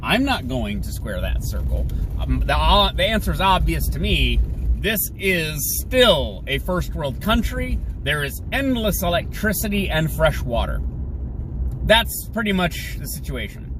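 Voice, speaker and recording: A male podcast host giving sarcastic, opinionated solo commentary while he drives, mocking others in shrill put-on voices. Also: very animated, measured pace. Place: in a car. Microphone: phone or camera mounted in the car. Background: faint car and road noise.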